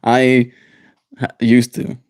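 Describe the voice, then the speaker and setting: A man hosting a daily livestream, chatting in a relaxed, rambling way and chuckling to himself. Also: medium pitch, slow, no echo, studio quality. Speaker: livestream host. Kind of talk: casual chat.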